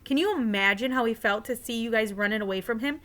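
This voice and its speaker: A woman's voice: on the high side, fast, a bit bright, close to an everyday voice. A woman voicing a mother of two boys, earnest and ready to scold, in a read-aloud story.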